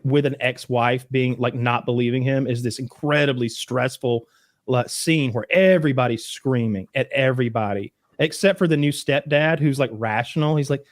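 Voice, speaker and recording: A man's voice: mid-range voice, normal speed, dry recording, studio quality. A man co-hosting a podcast, telling a rambling, profane story in casual chat. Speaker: podcast co-host.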